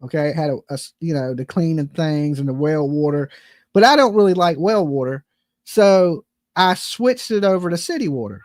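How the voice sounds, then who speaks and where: A woman's voice: sits low, animated, moderate pace, darkish tone, no echo. Profane, exasperated woman ranting casually. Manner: profane, exasperated, rambling with restarts. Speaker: livestream host. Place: home.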